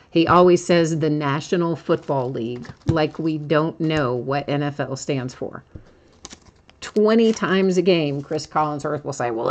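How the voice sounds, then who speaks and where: A woman with a low, unhurried voice hosts a live card break. She chats casually with viewers and laughs easily as she reads out each pull. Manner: chatty, laughs often, reads out cards. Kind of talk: casual live-stream commentary.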